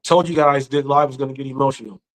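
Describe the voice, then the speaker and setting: A grieving man hosting a live stream, speaking earnestly in a halting way and often repeating his words. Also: mid-range voice, steady tone, fairly bright tone, poor audio. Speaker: live-stream commentary host. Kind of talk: emotional live-stream rant.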